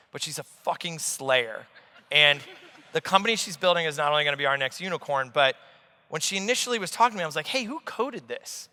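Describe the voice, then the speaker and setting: Animated, bright-voiced male investor on stage. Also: medium pitch, smooth. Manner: animated storyteller, swears freely. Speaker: investor guest. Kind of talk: on-stage conversation. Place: large conference hall stage. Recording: long hall reverb.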